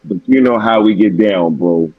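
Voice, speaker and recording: Casual guy hosting a stream, low-ish voice, slangy and relaxed, voice wearing out. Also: normal speed, slightly rough, dry recording, phone-quality sound. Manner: laid-back, slangy, drifting off track. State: losing his voice. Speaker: live stream host. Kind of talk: casual live stream chat.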